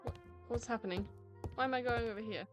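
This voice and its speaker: A woman's voice: on the high side, quick pace, music in the background. A woman chatting casually as she streams a video game, often confused and laughing. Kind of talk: casual let's-play commentary.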